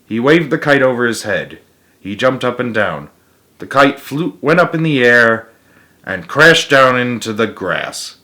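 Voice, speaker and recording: A man's voice: medium pitch, unhurried. A man reading a children's picture book aloud, adding playful asides. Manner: animated, with asides to listeners. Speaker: storybook reader.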